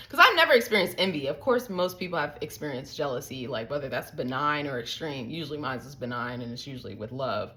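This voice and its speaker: A young woman talks casually to her viewers. Her voice sits a little low, and she tells her stories in a lively way, with sudden jumps in pitch. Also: brisk, hardly any pauses, rough recording. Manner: chatty, animated storytelling with sudden pitch jumps. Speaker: vlogger. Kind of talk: casual chat to camera.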